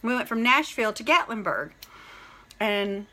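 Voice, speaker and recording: Middle-aged woman, bright ringing voice, rambling excited vlog chat, greets viewers by name. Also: a little high, moderate pace. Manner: rambling and excited, heavy use of "like" and "literally". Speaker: vlogger. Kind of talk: casual chat to camera.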